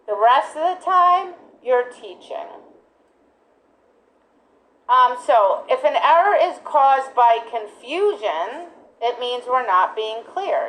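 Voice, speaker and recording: A woman's voice: a little high, low-quality recording. A woman giving a dog training lesson in an emphatic, direct way, often checking in with "right?". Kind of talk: instructional talk.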